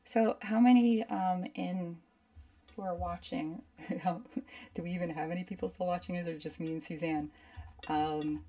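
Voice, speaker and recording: A woman's voice: lowish voice, steady tone, normal speed, warm tone, recorded from a distance. A woman instructor chatting casually through a live painting demo, rambling and saying "like" a lot. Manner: chatty, rambling, uses lots of "like". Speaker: art instructor.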